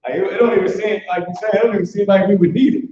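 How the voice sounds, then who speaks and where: A man leads an informal online language class in a loose, chatty way, full of restarts. His voice sits a little high. The call audio is very echoey and dull. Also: fairly even intonation, racing, warm tone. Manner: loose, conversational, repeats "boom" and restarts often. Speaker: class teacher.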